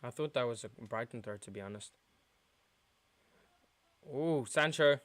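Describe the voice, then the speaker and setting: A young man streaming a football watchalong, muttering through quiet spells and yelling at big chances. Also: medium pitch, a little slow, dry recording. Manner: excitable, shouts at big chances, mutters otherwise. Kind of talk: live football watchalong commentary.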